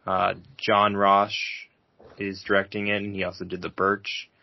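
A young man co-hosting a movie podcast, talking through movie news in a relaxed way with many ums. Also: low voice, unhurried, dry recording. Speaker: podcast co-host. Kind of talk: casual chat. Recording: dull lo-fi sound.

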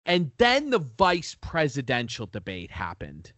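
A man's voice: medium pitch, wildly swooping pitch, unhurried, a bit bright, no echo. A man in casual podcast chat, ranting with constant swearing and frequent laughs. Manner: profane, ranting, laughs often.

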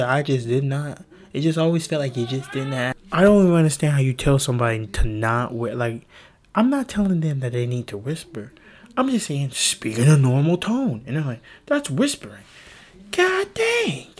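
A man's voice: a little high, sing-song, a little fast. A young man rambling on his own podcast from a room at home, self-mocking, loose and profane. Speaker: podcast host. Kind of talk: casual solo podcast rambling.

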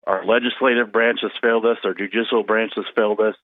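A man's voice: on the low side, fairly even intonation, quick pace, no room sound. A male caller to a radio show, a Marine veteran, speaking earnestly and emphatically over a phone line. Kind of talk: phone-in call.

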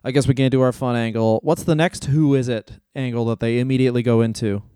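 A man's voice: medium pitch, steady tone, fast, dark tone, clear, resonant tone, dry recording. A man co-hosting a comedy podcast, recounting stories in casual chat on a close podcast mic. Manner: storytelling, laughs easily. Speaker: podcast co-host.

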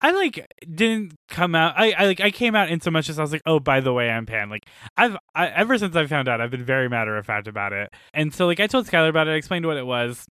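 A man's voice: on the high side, quick pace, clean tone, no room sound, clean studio sound. A young man co-hosting a casual podcast chat, telling stories with lots of laughter and acted-out quotes. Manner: animated storyteller, laughs often. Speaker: podcast co-host.

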